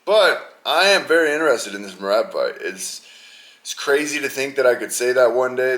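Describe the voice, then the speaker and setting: A young man hosting a podcast, talking casually and rambling in an animated, slangy way about an upcoming fight card. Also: mid-range voice. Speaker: podcast host. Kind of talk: casual sports chat.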